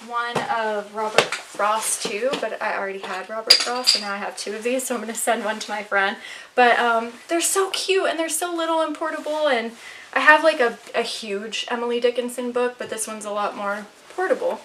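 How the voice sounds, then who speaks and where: Young woman, casual vlogger, upbeat and chatty, slightly breathless, fairly high voice, mic a bit distant. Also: noisy background. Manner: chatty, enthusiastic, many fillers. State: a little out of breath. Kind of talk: casual book haul chat. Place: at home, near her bookshelf.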